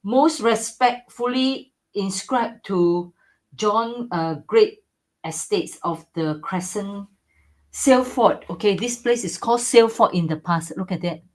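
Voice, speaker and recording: An enthusiastic woman sells antiques on a live stream, talking slowly in a medium-pitched voice. She keeps asking "okay?" and "right?" and uses non-native grammar as she pitches her items.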